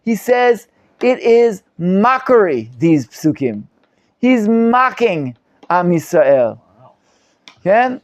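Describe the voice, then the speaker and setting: A man, a rabbi, teaching a live Bible class, reading Hebrew commentaries quickly and explaining them in English with frequent Hebrew terms. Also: no echo. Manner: animated, acts out quoted speakers with sudden loud pitch jumps.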